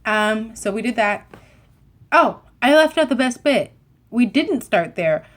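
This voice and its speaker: A young woman chatting to camera, telling a rambling, animated story full of asides and self-corrections. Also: a little high, measured pace. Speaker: vlogger.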